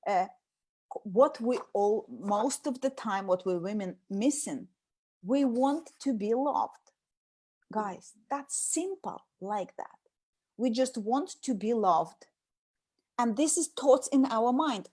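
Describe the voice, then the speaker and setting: High-voiced woman, animated chat, acts out nagging bits. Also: unhurried. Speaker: host. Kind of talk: casual talk on communication.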